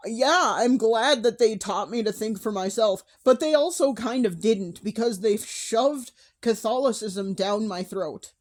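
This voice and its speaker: A woman's voice: fairly high pitch, unhurried, few pauses. A young adult woman talking candidly in a personal vlog, emotional, with sighs and restarts. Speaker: vlogger.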